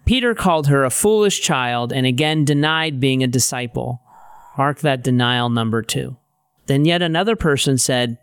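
A man's voice: medium pitch, lively intonation, normal speed, clean tone, no room sound. A man narrating a Bible story in a conversational way with modern paraphrases, on a close studio mic.

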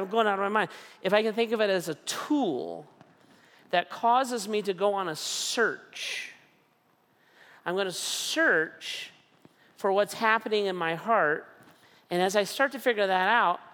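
A middle-aged man preaching a sermon in a conversational way, often checking in with "right?" and "okay?" and slowly repeating his key lines. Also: high-pitched, sharp tone, in a large hall. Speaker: pastor.

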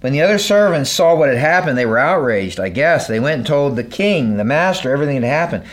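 A man preaching a sermon, moving between loud, emphatic lines and hushed, low delivery, and acting out the voices in the story he reads. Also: big pitch swings, fast. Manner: acts out the parable's characters in raised voices. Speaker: pastor.

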